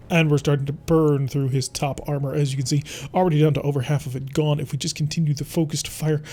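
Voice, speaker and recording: A man's voice: on the high side, little pitch movement, quick pace, hardly any pauses, mellow, a little hiss or hum. A man giving playful, theatrical commentary while playing a strategy game. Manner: playful, theatrical, talks to enemies. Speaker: gameplay commentator. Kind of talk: let's-play commentary.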